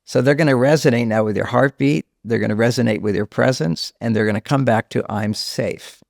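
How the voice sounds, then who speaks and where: An older man, a relationship counselor and author, explaining at length in a podcast interview and going hushed when he quotes a scared child. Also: medium pitch, a little fast, vocal fry, dry recording, clean studio sound.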